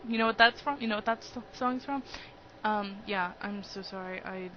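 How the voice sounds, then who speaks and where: A woman's voice: a little high, expressive, normal speed. A giggly, hyper young woman talks through her video game run in loose, rambling commentary. The recording is dull and lo-fi, with a faint hiss underneath. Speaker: let's play host. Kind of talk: casual gameplay commentary.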